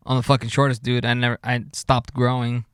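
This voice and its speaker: A man's voice: medium pitch, little pitch movement, a little fast, a bit bright, clear, resonant tone, no room sound, studio quality. A man co-hosting a podcast in loose casual chat, swearing freely and laughing at his own jokes. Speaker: podcast co-host.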